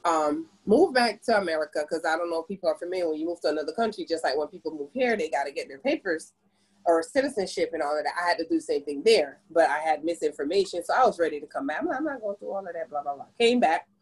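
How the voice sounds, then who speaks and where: A woman in her forties from the Caribbean, a podcast guest telling her story in an animated, expressive way. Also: fast talker, slightly rough, low-quality recording. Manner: animated, expressive storyteller with big pitch jumps. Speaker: podcast guest, business owner. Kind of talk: casual conversational storytelling.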